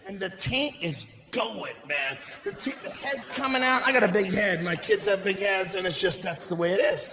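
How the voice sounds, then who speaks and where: A man doing a stand-up comedy routine on a theater stage, telling a profane story loudly and with big shouted punchlines. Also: sits high, moderate pace, hardly any pauses. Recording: roomy live theater sound with audience noise.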